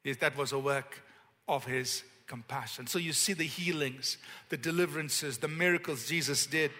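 A man preaching a sermon, stressing key words slowly and leading the congregation in call-and-response. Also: fairly high pitch, pushed and bright. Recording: long hall reverb.

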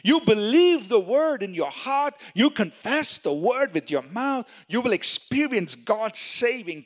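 A man preaching a sermon, reading scripture and asking the congregation if they follow him. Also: high voice. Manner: animated preaching with questions to the congregation. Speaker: pastor.

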